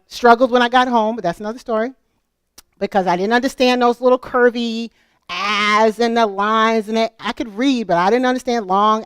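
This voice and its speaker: A middle-aged American woman speaking at a homeschool convention, telling personal stories in an animated, conversational way and asking the audience questions. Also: mid-range voice, clean tone, dry recording, clean studio sound. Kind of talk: storytelling conference talk.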